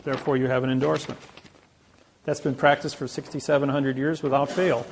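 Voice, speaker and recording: A man's voice: medium pitch, little pitch movement, fairly quick, vocal fry, a little hiss or hum. A man giving a boastful storytelling lecture, acting out the voices of people in his stories. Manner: boastful, acts out quoted voices. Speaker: presenter.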